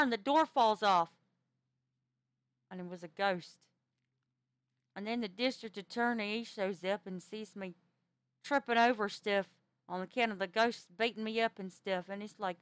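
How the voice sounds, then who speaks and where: Woman spinning a ghost story, stumbles and restarts a lot, smooth clear voice, dry sound. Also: on the high side, moderate pace, dry recording. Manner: animated, stammering restarts. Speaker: roleplay character telling a ghost story. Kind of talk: casual in-character storytelling.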